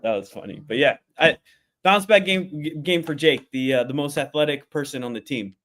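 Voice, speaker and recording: A man's voice: medium pitch, brisk, a bit bright, slight background noise. A man co-hosting a sports podcast, chatting casually and animatedly, laughing often and giving blunt opinions. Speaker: podcast co-host.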